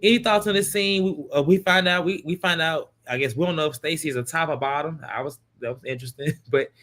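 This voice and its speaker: A man's voice: fairly high pitch, a bit bright. A man co-hosting a casual recap chat, talking in loose, laughing asides. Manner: chatty, laughing, drawn-out asides. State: yawning. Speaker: podcast co-host.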